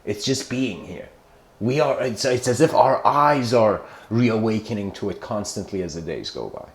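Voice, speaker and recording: A man's voice: fairly low pitch, expressive, normal speed, a little hiss or hum. A man giving an informal philosophical talk, rambling and correcting himself with many "you know" fillers. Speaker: lecturer. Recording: echoey room.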